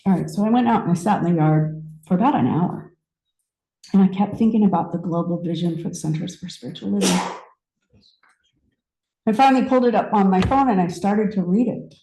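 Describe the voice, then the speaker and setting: A woman in her fifties giving a personal story sermon, conversational and reflective, with pauses and restarts. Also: mid-range voice, mellow, roomy sound, a little hiss or hum, poor audio. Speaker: speaker at a spiritual center.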